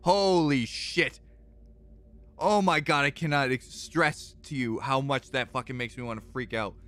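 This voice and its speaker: A young man streaming a game and talking to his viewers, exasperated and swearing often, swinging from loud outbursts to low mutters. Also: normal speed. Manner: exasperated, swears a lot, repeats himself when frustrated. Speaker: gaming streamer. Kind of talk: live gameplay commentary.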